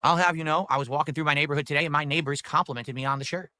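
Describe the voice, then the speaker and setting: A man's voice: fairly high pitch, steady tone, racing, sharp tone, no echo, clean studio sound. A man hosting a live stream, upbeat and pushing viewers to donate. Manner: upbeat hype, reads donations aloud. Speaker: streamer host.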